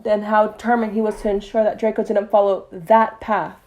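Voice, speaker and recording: A sullen male wizard professor speaks low and even, in a measured drawl, as a woman reader does him. He stays calm while the others argue, in a storybook reading. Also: lightly acted. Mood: calm grave.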